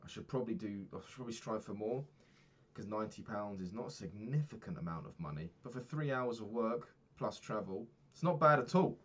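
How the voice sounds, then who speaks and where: A man's voice: lowish voice, expressive, a little fast. A young man from the UK talking through his week in a rambling, casual diary vlog, swearing often and losing his thread. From United Kingdom. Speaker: vlogger.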